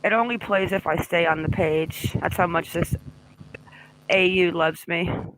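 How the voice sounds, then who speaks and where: A woman's voice: lowish voice, steady tone, measured pace, fairly bright tone, a little hiss or hum, rough recording. A woman hosting a casual live true-crime discussion, chatting and greeting viewers by name. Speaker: livestream host.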